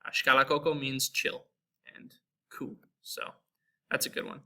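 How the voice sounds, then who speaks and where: Bright-voiced American man teaching Spanish. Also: medium pitch. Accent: American English. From United States. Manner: relaxed, spells out and repeats example words slowly. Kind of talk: casual spoken lesson.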